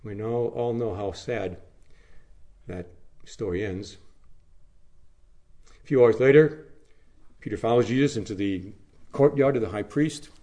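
A man preaching a sermon, telling the story by rising to emphatic phrases and then dropping to hushed, low lines. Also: measured pace, long pauses.

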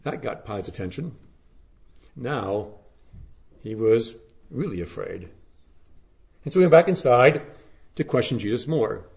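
A pastor gives a Good Friday sermon, first reading scripture aloud and then preaching earnestly and at a measured pace, with dramatic rises and hushed drops. His voice is medium-pitched and creaky, with lively intonation.

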